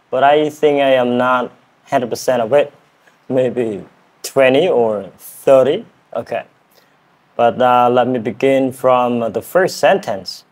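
A man whose first language is Khmer hosts a relaxed lesson, repeating words again and again and chuckling at his own tries. He talks at a slow, easy pace in a mid-range voice. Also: medium pitch. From Cambodia. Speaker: English teacher and channel host. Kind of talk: casual accent practice lesson.

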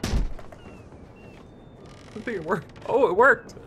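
A man chatting in character during an online roleplay game, answering in a relaxed, easygoing way. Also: sits high, slow, slightly rough. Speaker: roleplay gamer.

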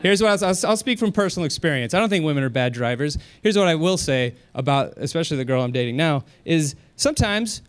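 Rattling through a club stand-up set fast and with few pauses, a man spins animated stories in a clean tone. When excitement hits, his voice shoots up high, and he laughs along with his own material.

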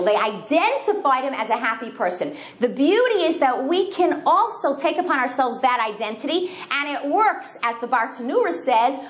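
Animated high-voiced woman in an echoey room. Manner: animated storytelling with sung and acted-out quotes. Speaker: speaker. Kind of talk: inspirational talk to a women's group. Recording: echoey room with faint background noise.

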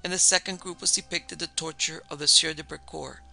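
A man reads a supernatural tale in a measured, steady way, with a heavily gravelly, fry-laden voice. His tone is very bright and cutting, sitting a little above the usual male pitch. Faint music plays behind him. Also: rough recording. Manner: measured, even storytelling delivery. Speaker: narrator and producer. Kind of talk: scripted narration of a ghost story.

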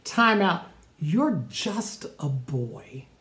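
A man voicing a weary king who dismisses a boy in a low, exasperated way. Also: sing-song, extremely slow, a bit bright, roomy sound, full character voice. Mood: dismissive. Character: weary king and army commander, older man.

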